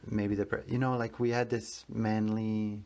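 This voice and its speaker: A man's voice: fairly low pitch, level tone, measured pace, a little mellow. A man in his thirties hosting a podcast, telling a personal story in a rambling, earnest way that keeps correcting itself. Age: 30s. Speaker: podcast host.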